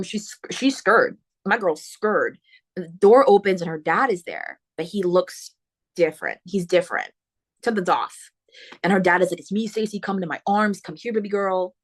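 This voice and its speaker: A woman hosting a book podcast, retelling a horror novel's plot in a casual, animated way with slangy asides. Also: lowish voice. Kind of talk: casual spoiler book talk.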